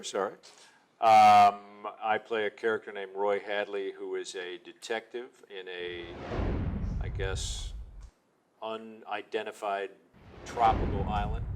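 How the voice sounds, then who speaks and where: A man being interviewed as an actor, talking in a low-key, thoughtful and self-deprecating way. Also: a little hiss or hum. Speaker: actor guest. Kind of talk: casual interview talk.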